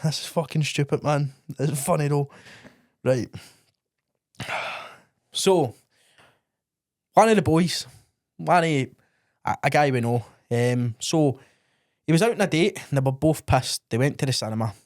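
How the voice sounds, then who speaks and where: A man's voice: fairly high pitch, unhurried, pauses often, a little mellow. A young Scottish man co-hosting a podcast, telling embarrassing stories in a sweary, laughing way and saying "mate" a lot. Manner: sweary, laughing storyteller who says "mate" often. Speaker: podcast co-host. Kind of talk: casual storytelling chat.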